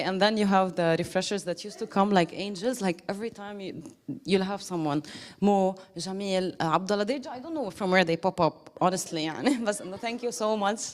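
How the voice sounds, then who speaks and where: A woman giving a casual, emotional thank-you speech to a group, laughing often and quoting others. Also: medium pitch.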